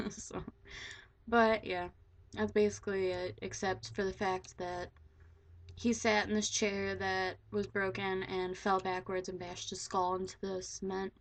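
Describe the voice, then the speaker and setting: A woman's voice: medium pitch, little pitch movement, unhurried. A teenage girl casually telling a story to the camera, rambling with lots of "like" and swearing freely. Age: teens. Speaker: vlogger.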